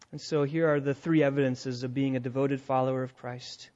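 A man's voice: mid-range voice, fairly even intonation, brisk, hardly any pauses. Emphatic preacher man, dull lo-fi sound. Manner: emphatic, swings between hushed and loud, rhetorical questions. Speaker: pastor. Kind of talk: sermon. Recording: dull lo-fi recording.

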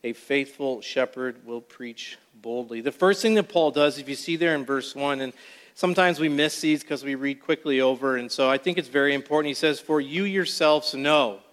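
Emphatic preacher in a reverberant hall. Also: male voice, medium pitch, fairly bright tone. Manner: deliberate, emphatic Bible teaching. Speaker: pastor. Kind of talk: expository sermon. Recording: long reverb of a large hall.

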